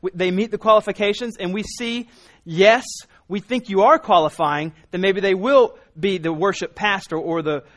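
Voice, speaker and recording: A man's voice: high-pitched, moderate pace, fairly bright tone. A man in his thirties preaching a sermon, telling a family story in a loose, conversational way with frequent restarts. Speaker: pastor.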